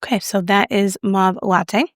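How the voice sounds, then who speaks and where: A woman's voice: mid-range voice, fairly even intonation, unhurried, dry recording, studio quality. A young woman casually reviewing makeup, chatty and self-deprecating as she applies it on camera. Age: young adult. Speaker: beauty YouTuber.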